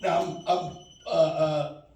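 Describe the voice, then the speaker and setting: A man's voice: a little high, steady tone, slow, darkish tone, slight background noise. A man telling a stand-up story, rambling and acting out his friend's lines. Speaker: stand-up comedian. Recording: echoey room from far off.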